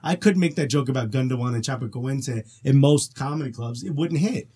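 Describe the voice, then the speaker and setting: Fast husky guy telling funny stories, laughs a lot. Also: medium pitch. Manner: animated storyteller, laughs often. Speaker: podcast guest. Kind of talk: casual podcast chat.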